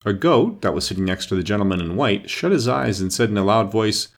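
A man narrating a children's storybook aloud with an expressive, lively delivery. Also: lowish voice, a little fast. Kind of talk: storybook reading.

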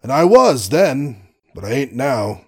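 A man's voice: mid-range voice, very animated, a little slow, a little mellow, husky, exaggerated voice. Guy doing a grumpy old colonel, snorty and huffy, storybook reading. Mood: wistful. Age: older. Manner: snorting, indignant, old-fashioned bluster. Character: gruff blustering old male colonel.

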